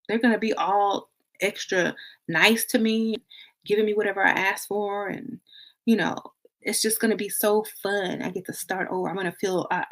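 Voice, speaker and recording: A woman giving blunt, playful relationship advice in a casual monologue. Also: mid-range voice. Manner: blunt and playful, acting out quotes with laughs.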